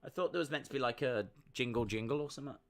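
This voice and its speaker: A man's voice: mid-range voice, very fast. A man hosting a fight-night watch-along stream, chatting casually, reading chat messages and making jokey asides.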